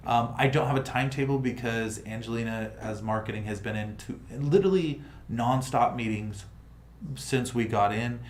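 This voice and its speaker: A man hosting a casual livestream chat, talking in an animated, rambling way full of restarts. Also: medium pitch, moderate pace. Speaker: crypto project host. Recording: roomy room with faint noise.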